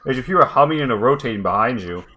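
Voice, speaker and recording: A man's voice: mid-range voice, lively intonation, very fast, bright, forceful tone. A man narrating as game master for an online tabletop game, in a loose, rambling way with lots of "like" and restarts.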